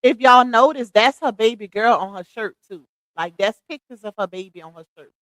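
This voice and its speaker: Woman, higher voice, casual reaction commentary, talks right to viewers, dry close sound. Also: normal speed, fairly bright tone, no echo, low-quality recording. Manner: chatty, addresses viewers directly. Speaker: reaction channel host.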